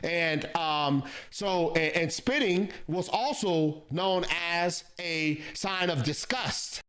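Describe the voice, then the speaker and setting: A man preaching in a played clip, explaining calmly and measuredly with some fillers. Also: a little high, slow. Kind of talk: calm sermon explanation.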